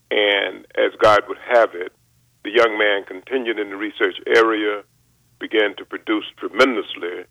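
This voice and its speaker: A man in his seventies from North Carolina, a chemist giving a measured, formal radio interview with frequent pauses. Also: on the low side, creaky, sharp tone, dry recording, poor audio. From North Carolina, USA. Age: 70s. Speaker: guest chemist. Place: radio studio.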